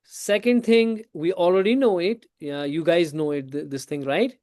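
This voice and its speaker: A man teaching a tajweed class in a classroom. He explains slowly, asks his students questions, repeats his points and switches into Hindi now and then. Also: sits high, steady tone, darkish tone, no room sound. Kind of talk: classroom lesson.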